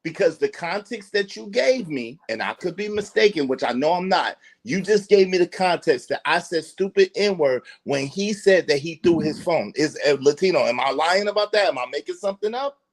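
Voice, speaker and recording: A man hosting a live-stream panel, arguing hard, repeating himself and hurling insults, his voice climbing and getting loud as he rants. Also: on the high side, lively intonation, normal speed, hardly any pauses. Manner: ranting, insulting, repetitive; voice rises and turns loud when angry. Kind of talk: heated live-stream argument.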